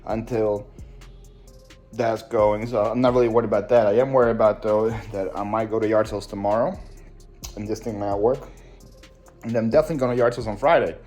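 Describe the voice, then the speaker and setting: A young man chatting excitably to camera in a casual vlog, thinking aloud as he opens mail at home. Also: on the low side. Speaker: reselling vlogger. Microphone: phone camera.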